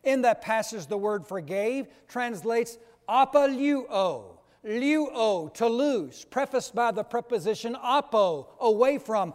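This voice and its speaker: A man preaching a sermon with slow, emphatic delivery, swinging between loud stressed words and soft low drops. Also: animated. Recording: long echo of a large hall.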